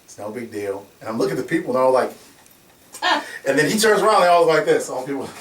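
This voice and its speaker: A man casually telling a story in an animated way, laughing often and acting out the voices in his quotes. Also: on the high side, racing, far from the mic. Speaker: security company founder telling a story. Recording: echoey room from off mic, faint ambience.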